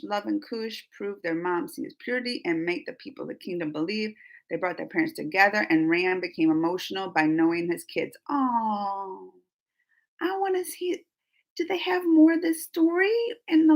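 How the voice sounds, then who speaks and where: A woman hosting a live-stream chat, reading viewer comments aloud and answering them in a lively, talkative way with frequent laughter. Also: medium pitch. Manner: animated and chatty, laughs often, gasps. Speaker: reaction channel host.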